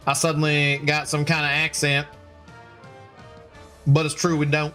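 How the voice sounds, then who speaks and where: A man's voice: fairly high pitch, monotone, a little slow, sharp tone. Chatty man streamer with faint music. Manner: rambling, playful, self-correcting. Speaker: livestreamer. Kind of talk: casual stream chat, reading chat aloud.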